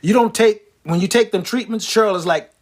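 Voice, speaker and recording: A man delivering a wisecracking, animated stand-up comedy monologue. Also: high voice, a little fast. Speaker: comedian and prostate cancer survivor.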